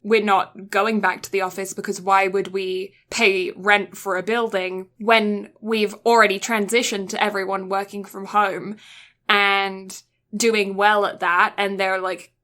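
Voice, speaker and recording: A woman's voice: medium pitch, flat delivery, unhurried, pushed and bright. A young woman co-hosting a casual podcast, chatty and teasing, prone to going off on tangents. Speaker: podcast co-host. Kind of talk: casual chat.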